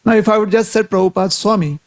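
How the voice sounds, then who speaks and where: A man from India, giving a devotional talk in a deliberate way, often asking rhetorical tag questions. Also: high voice, no room sound. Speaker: devotional speaker.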